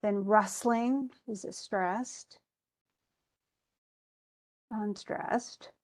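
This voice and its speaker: Slow-speaking woman teaching poetry. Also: mid-range voice, steady tone, darkish tone. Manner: reads the poem aloud slowly, then explains stresses with many restarts. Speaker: English teacher. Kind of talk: classroom lesson.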